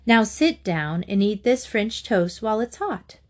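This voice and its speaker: A brisk, exasperated mother hurries her children along, as a woman reading a storybook puts her on. Her words come sharp and quick, in a mid-pitched voice. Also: sing-song.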